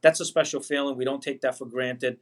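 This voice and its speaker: A man in his forties with a Boston accent speaks as a podcast guest over a video call. He is earnest and heartfelt, drifting from thought to thought. His pitch stays fairly level throughout. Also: fairly even intonation, brisk. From Boston area, USA. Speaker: pasta manufacturer, guest. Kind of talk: casual interview chat.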